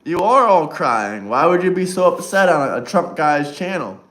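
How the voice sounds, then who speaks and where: High, bright-voiced taunting male streamer. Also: very animated, moderate pace. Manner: mocking, taunting chat banter. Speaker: livestream host. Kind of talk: casual livestream chat reacting to viewers.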